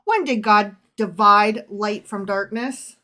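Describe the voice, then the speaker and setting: A woman's voice: medium pitch, takes it slowly, sharp tone. A woman co-hosting a casual podcast, quizzing her husband with teasing, profane banter and reading verses aloud. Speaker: podcast co-host.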